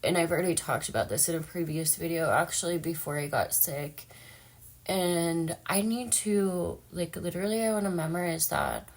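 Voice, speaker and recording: A woman's voice: fairly low pitch, normal speed. A young woman talking casually and emotionally in a personal vlog, chatty and full of fillers. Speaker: vlogger.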